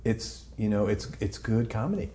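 A man's voice: lowish voice, animated, normal speed, warm tone. A man hosting an interview podcast, talking casually with frequent stammers and restarts. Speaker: podcast host.

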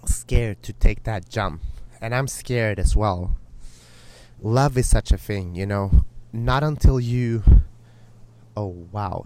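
A man hosting his podcast, speaking earnestly and from the heart outdoors beside a lake, now and then breaking off to remark on what he sees. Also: fairly low pitch. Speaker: podcast host. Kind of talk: casual spoken monologue.

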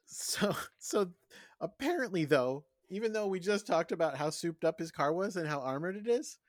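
An animated man chatting through a film recap on a podcast, his voice sitting a bit high for a man. He jumps into little put-on voices for the characters. The sound is close and dry, with no room around it. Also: dry recording. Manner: animated, acts out characters' lines in quick voices. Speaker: podcast co-host. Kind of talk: casual movie recap chat.

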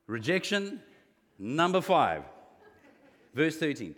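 A man preaching a sermon as a pastor, animated, acting out quoted lines with a rising voice. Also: mid-range voice, fairly quick, in a large hall.

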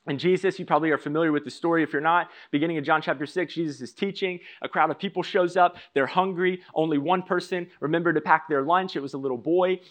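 A young man preaching a humorous sermon as pastor, telling stories and acting out bits of dialogue. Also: fairly high pitch. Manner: lively storyteller acting out dialogue.

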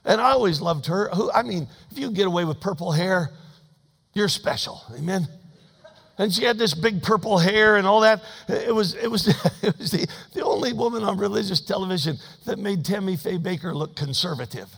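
High-pitched preacher guy, folksy and jokey, gets loud then drops quiet, church echo hanging on every word. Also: normal speed, vocal fry, slightly rough. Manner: folksy, humorous storytelling preaching; emphatic, swings between loud and hushed. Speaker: pastor. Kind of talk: sermon.

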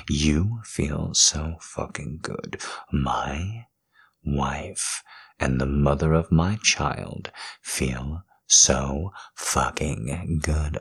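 Deep gravelly guy doing a whispered role-play, slow intimate murmur. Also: a bit bright. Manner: slow, intimate, coaxing murmur shifting between whisper and low voice. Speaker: audio role-play performer.

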